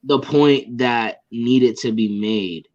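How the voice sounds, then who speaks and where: A man's voice: mid-range voice, darkish tone. A man answering interview questions as a guest artist, thinking aloud in a searching way with many fillers. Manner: slow, searching, filler-heavy. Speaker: independent rap artist, guest. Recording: dull lo-fi sound.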